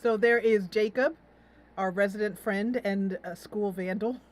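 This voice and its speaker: A woman's voice: medium pitch, fairly even intonation, a little slow, soft background music. A woman hosting a game playthrough, chatting and reading the game text aloud. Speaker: gameplay host. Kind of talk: let's play commentary.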